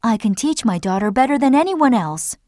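A man voicing a defiant young mother in an audiobook, pleading in a high, strained voice. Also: animated, moderate pace, a little mellow, dry recording, studio quality. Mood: calm, firm. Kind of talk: audiobook narration with character voices.

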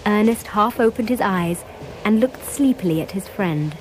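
A woman narrating a scripted story in a measured, clear storytelling manner. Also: medium pitch, animated, slight background noise, rough recording.

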